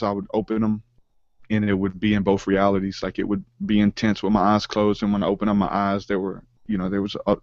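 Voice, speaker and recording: A man telling a personal spiritual story in an interview, earnest and halting, with many fillers and restarts. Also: fairly low pitch, a little mellow, no echo, lo-fi sound. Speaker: podcast guest, rapper.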